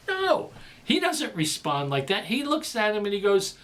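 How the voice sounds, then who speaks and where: A male preacher giving a sermon, with dramatic delivery that swings between loud emphasis and quiet passages. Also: high-pitched, huge pitch swings, normal speed.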